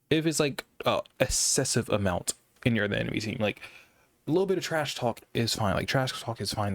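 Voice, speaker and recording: Young guy, low flat monotone voice, rambly and stumbly, dry close mic. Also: dry recording. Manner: rambling, halting with many restarts. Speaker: gaming commentator. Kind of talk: casual monologue.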